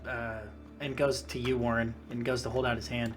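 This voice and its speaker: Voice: medium pitch, flat delivery, normal speed, soft background music. A game master narrating a tabletop game casually, with many fillers.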